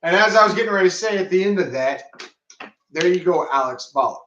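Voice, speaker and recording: A man's voice: sits high, lively intonation, fast, a bit bright, roomy sound, dull audio, slight background noise. A young man co-hosting a podcast, the laid-back joker in casual wrestling review chat. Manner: joking, laid-back comic sidekick. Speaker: podcast co-host.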